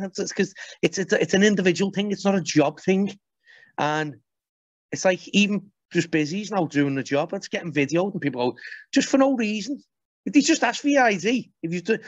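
A man, speaking a little high for a man, talks bluntly and swears freely as he tells stories on a podcast. The dry, close sound is a bit dull and muffled. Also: no room sound. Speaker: podcast guest. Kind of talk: casual podcast chat.

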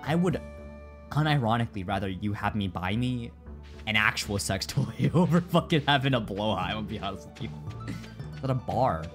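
A man's voice: lowish voice, lively intonation, fairly quick. A man streaming a game, chatting casually in a rambling, stammering, profane way. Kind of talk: casual live-stream chat. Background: game music.

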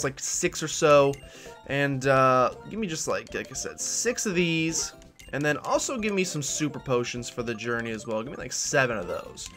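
A woman's voice: sits low, fairly bright tone. A woman hosting a let's play, chatting casually and making self-deprecating asides over faint game music.

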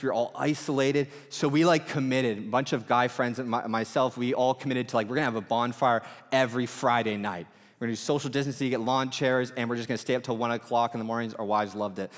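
A man in his thirties preaching a sermon in a relaxed, chatty way with lots of fillers. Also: medium pitch. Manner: casual, animated preaching with many fillers. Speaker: pastor. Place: church auditorium. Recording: reverberant church hall.

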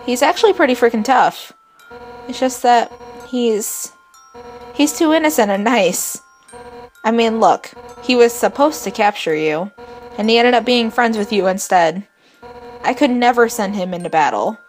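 A woman voicing a brash, hot-headed female fish warrior captain from a video game, blunt and boastful with gruff outbursts. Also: fairly high pitch, expressive, a little slow, soft background music. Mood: earnest. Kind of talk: reading game dialogue aloud.

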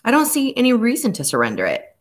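A woman's voice: a little high, wildly swooping pitch, voice pushed up. A woman doing a defensive bald man. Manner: quick and defensive.

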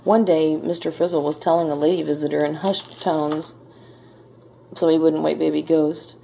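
Gravelly low woman reading a storybook. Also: little pitch movement, slight background noise. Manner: gentle, measured storytelling. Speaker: storybook reader. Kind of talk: children's read-aloud narration.

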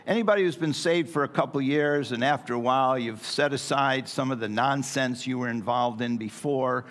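A man's voice: mid-range voice, moderate pace, fairly bright tone. A middle-aged man preaching a sermon in a church in a folksy, joking way with playful asides. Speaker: pastor. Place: church sanctuary.

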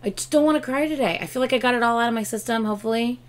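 A woman's voice: fairly high pitch, very fast. A tired woman hosting a reaction video, talking casually, swearing freely and singing along.

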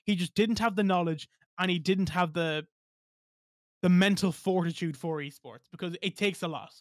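Male guest, high voice, dry close sound, blunt, emphatic, swears freely. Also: normal speed, no echo. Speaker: podcast guest. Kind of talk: casual podcast chat.

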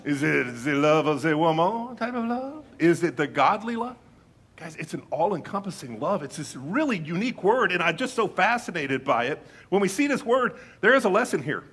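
Bright, husky-voiced male pastor preaching. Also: high voice, very animated. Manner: conversational preaching with playful asides; reads scripture slowly and deliberately. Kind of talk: sermon.

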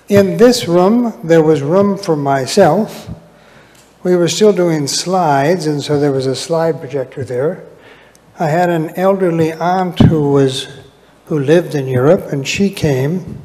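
A middle-aged man giving a conference lecture in a large hall, relaxed and anecdotal with light humor. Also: on the high side. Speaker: invited lecturer. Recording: long hall reverb from PA.

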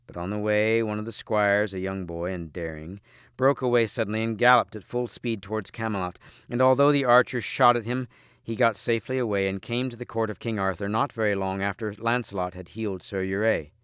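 Man narrating an audiobook, teacher reading aloud, measured, smooth resonant voice, dry close mic. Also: on the low side, steady tone, fairly bright tone, no echo.

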